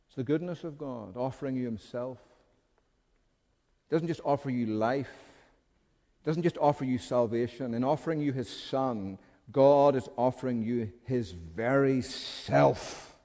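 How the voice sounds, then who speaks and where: A man preaching a sermon with passion, moving from hushed pleading to loud, urgent calls. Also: medium pitch, measured pace. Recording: long hall reverb.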